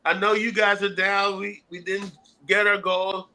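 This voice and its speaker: A man's voice: high voice, level tone, unhurried, a loud crowd, low-quality recording. An American man co-hosting a casual sports podcast, talking animatedly and acting out quotes in put-on voices. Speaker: podcast co-host.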